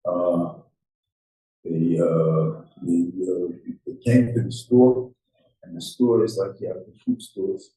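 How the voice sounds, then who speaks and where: A man's voice: low voice, slow, distant mic. Older man teaching in a roomy hall. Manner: animated storytelling, acts out dialogue. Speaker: rabbi teaching a Torah class. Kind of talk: informal Torah lecture. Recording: roomy, from off the mic.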